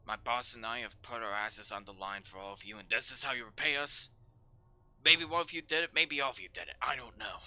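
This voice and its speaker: A man voicing a gruff, angry middle-aged sergeant who barks threats and curses at his crew. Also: medium pitch, moderate pace, few pauses, pushed and bright, natural voice. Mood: menacing. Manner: barking, threatening, cursing.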